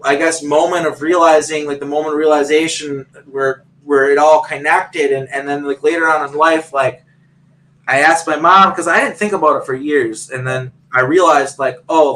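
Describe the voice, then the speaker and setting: A man's voice: fairly high pitch, fairly bright tone, rough recording. A man on a video call telling a long personal story in a rambling way, full of fillers and restarts. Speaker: guest.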